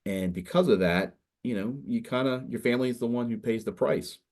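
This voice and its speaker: This middle-aged man, in the role of a state senator talking to students, has a medium, slightly mellow voice and a fairly quick pace. He wanders from point to point conversationally, leaning on "you know" a lot.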